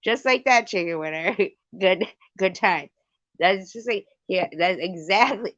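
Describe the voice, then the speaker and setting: A woman's voice: medium pitch, a little slow, fairly bright tone, no echo. Woman, livestream host, casual storytelling, swears freely, dry close sound, lo-fi. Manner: rambling, swears freely, laughs often, thanks viewers.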